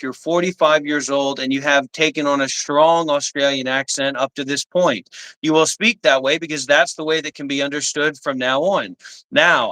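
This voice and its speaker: A man's voice: a little high, bright, forceful tone, rough recording. A man hosting a livestream, talking intensely, scolding viewers and rambling as he dictates instructions. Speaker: livestream host. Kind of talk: livestream talk.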